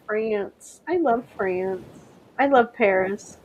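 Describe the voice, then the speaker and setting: A woman's voice: fairly high pitch, expressive, normal speed, dull audio. A middle-aged woman hosting a casual live stream, rambling and chatty, often laughing and trying out French words. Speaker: livestream host.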